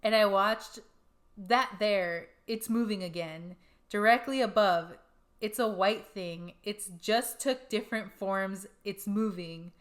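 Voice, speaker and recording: A woman's voice: mid-range voice, slow pace. Chatty woman reading ghost stories. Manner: chatty, giggly, reads notes with asides. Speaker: podcast co-host. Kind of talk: casual chat, reading ghost stories aloud.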